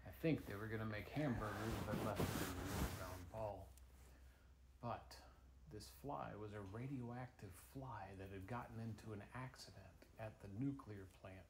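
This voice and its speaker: A man improvising a playful story for a child, moving from hushed tones to excited bursts. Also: lowish voice, moderate pace, noisy background.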